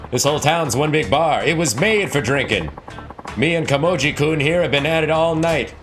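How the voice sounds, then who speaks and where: A man voicing a jolly, hard-drinking aging foreign man in a game, with a loud, pitched-up cheery delivery. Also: moderate pace, faint music behind, close to an everyday voice. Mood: jovial.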